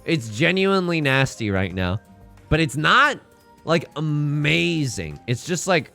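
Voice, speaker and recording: Lively bright-voiced male game streamer. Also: a little high, unhurried, gravelly, soft background music. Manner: animated, jokey, dramatic exclamations. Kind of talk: live game stream commentary.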